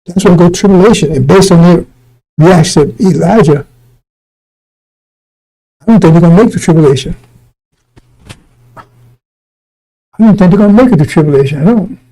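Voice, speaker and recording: Gravelly, dark-toned preacher man. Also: high-pitched, moderate pace, long pauses, low-quality recording. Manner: blunt and profane, mocking voices, laughing. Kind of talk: loose street sermon.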